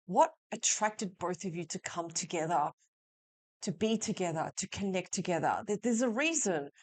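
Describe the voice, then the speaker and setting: A female tarot reader offers a weekly reading, reassuring the listener and speaking to them directly. Her voice is medium in pitch and a little mellow.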